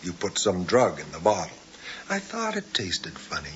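An actor playing a confused, paranoid middle-aged patient who talks in halting, drowsy fragments that turn suspicious. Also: male voice, deep voice, wildly swooping pitch, a little hiss or hum. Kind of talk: television drama acting. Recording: dull, slightly muffled TV soundtrack.

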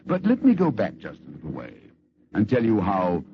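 A man's voice: fairly low pitch, wildly swooping pitch, normal speed, heavy background noise. A man telling a story in scripted radio narration, dramatic and theatrical, on a lo-fi old radio recording.

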